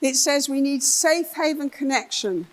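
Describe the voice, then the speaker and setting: A woman's voice: sits high, unhurried, rough recording. An older English woman, a therapist, giving a conference talk, telling case stories and acting out the voices of the people in them. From England. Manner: animated, acts out voices in her stories. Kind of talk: conference keynote storytelling. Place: conference hall.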